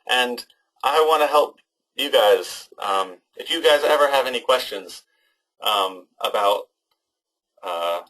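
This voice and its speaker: A young man runs a webinar for students, reading their questions and answering in a loose, unscripted way. He hesitates often, filling gaps with ums and starting sentences over. His voice sits a little low and comes through a computer microphone. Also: a bit bright, rough recording. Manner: hesitant, many ums and restarts. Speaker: online class instructor. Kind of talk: casual webinar talk to students.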